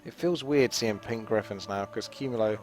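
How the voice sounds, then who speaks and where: An English man giving live game commentary in a relaxed, chatty, rambling way. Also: fairly low pitch, moderate pace, soft background music. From England. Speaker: esports commentator.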